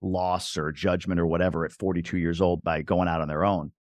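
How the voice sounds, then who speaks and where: A man in his forties from New York, talking as a guest in a casual interview, emphatic and lively as he tells stories. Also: sits low, fairly quick, dry recording. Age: 40s. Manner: emphatic, acts out voices of other people in quotes. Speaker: podcast guest.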